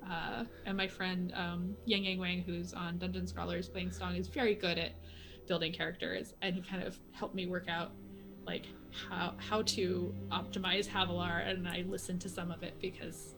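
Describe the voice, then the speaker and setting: A woman's voice: lowish voice, moderate pace, music in the background. A woman talking as a guest in a casual chat, telling stories with frequent laughter. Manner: laughs often, animated storytelling.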